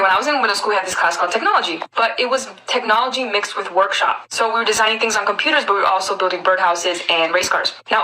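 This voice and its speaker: A woman's voice: mid-range voice, pushed and bright, a little hiss or hum, rough recording. A woman in her early twenties telling personal stories in a chatty, confiding way, often turning to her viewers. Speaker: storyteller. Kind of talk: story time narration.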